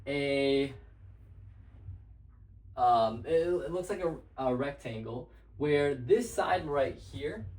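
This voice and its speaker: Rambling young man at a whiteboard. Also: fairly high pitch. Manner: loose and rambling, with many fillers and restarts. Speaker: math tutor. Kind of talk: casual whiteboard lesson. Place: room with a whiteboard. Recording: echoey room.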